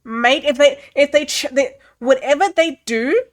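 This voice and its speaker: A young woman reviewing a film in a casual, animated rant, swearing freely and filling pauses with "like" and "um.". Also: sits high.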